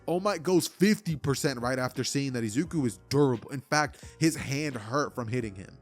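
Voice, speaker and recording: A man's voice: mid-range voice, animated, moderate pace, faint music behind. A young man casually telling a fan-fiction story in a rambling, chatty way. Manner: rambling, filler-heavy, chatty. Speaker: channel host narrator.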